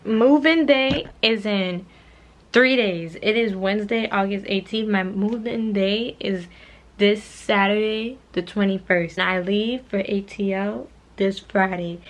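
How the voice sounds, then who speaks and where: A woman's voice: medium pitch, fairly bright tone, poor audio. A young adult woman chatting casually to her viewers in a vlog, rambling and addressing them as y'all, from her bedroom. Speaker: vlogger.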